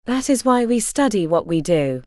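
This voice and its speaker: A woman's voice: mid-range voice, very animated, normal speed, a little mellow, no echo, studio quality, close to an everyday voice. A woman voicing a male professor delivering a formal speech to guests.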